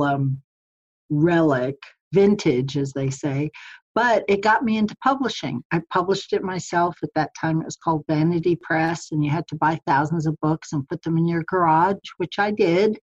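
A woman's voice: sits low, lo-fi sound. A middle-aged woman guest chatting in an interview, laughing often with frequent ums and restarts. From United States. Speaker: podcast guest, publisher. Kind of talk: casual interview chat. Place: home in the mountains of Colorado.

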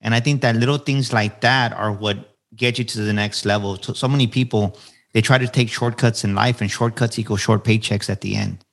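A man's voice: lowish voice, fairly even intonation, fairly quick, creaky. A man in his forties, a podcast guest, telling his story in an earnest, motivational way and repeating phrases for emphasis. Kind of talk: candid storytelling interview answers.

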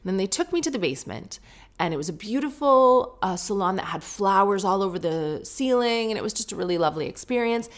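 A British woman hosting a solo podcast, telling a story in an animated, self-mocking, comic way. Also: mid-range voice, a little fast. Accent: British English. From Britain. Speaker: podcast host.

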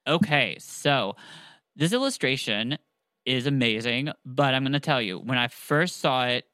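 A man retells a tale in a loose, rambling chat, full of fillers, and reads passages aloud. His voice is smooth and clear. The recording is dry and close. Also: mid-range voice, lively intonation, measured pace, pushed and bright, no room sound, poor audio. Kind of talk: casual storytelling chat.

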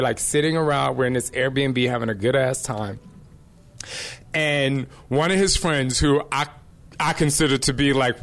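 A man's voice: on the high side, a bit bright. A man in his forties telling an emotional, candid personal story to an audience, rambling with fillers and the odd swear word.

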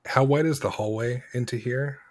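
A man's voice: medium pitch, normal speed, no room sound, clean studio sound. A man playing a tabletop game, describing his moves plainly. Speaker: player.

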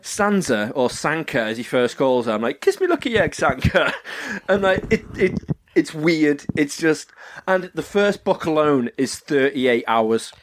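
A man's voice: a little high, lively intonation, unhurried. A man co-hosting a casual podcast, telling a rambling story and slipping into silly put-on voices. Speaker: podcast co-host. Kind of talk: casual chat.

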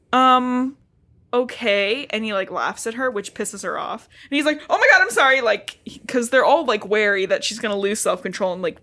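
A woman recapping a book on a podcast, sarcastic and profane, quickly acting out characters' lines. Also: medium pitch, a bit bright. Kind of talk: casual podcast chat, retelling a book with sarcastic asides.

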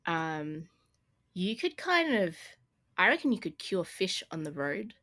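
A woman's voice: on the low side, sing-song, measured pace, fairly bright tone. A woman co-hosting a casual tabletop-game podcast, rambling and laughing often. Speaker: podcast co-host. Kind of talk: casual chat.

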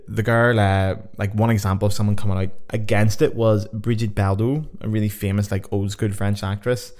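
Sweary, excitable male podcast host. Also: on the low side. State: on a sugar high. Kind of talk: casual podcast chat, game-show countdown.

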